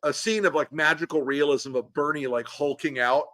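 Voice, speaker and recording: A man's voice: fairly high pitch, fairly even intonation, normal speed, bright, forceful tone, dry recording. A man with a Southern American accent, co-hosting a casual political chat with sardonic, profane banter. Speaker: co-host.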